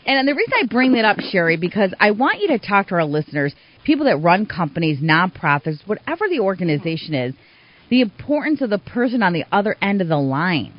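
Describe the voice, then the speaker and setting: A woman hosting a community radio interview show, telling stories in an animated way. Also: medium pitch, a little fast. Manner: animated storyteller, acts out quoted voices. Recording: dull, slightly muffled radio sound.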